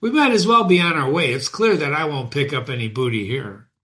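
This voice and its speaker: Male reader voicing a crafty devil in a storybook reading, persuasive, smooth, pitch rising and falling. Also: animated, a little fast, a bit bright. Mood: knowing. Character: sly male fiend posing as a yeoman.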